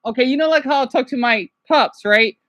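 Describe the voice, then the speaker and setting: Chatty high-voiced woman streamer. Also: fairly quick, a bit bright. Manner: chatty, frequent "right?" tags. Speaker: livestreamer. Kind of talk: casual reaction commentary.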